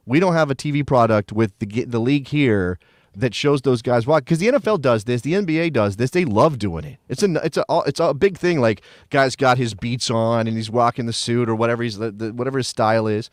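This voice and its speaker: A man's voice: medium pitch, animated, brisk, no echo, clean studio sound. An American man co-hosting a podcast, rambling casually with lots of restarts and easy laughter. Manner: rambling, self-interrupting, laughs easily. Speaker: podcast co-host. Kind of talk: casual chat.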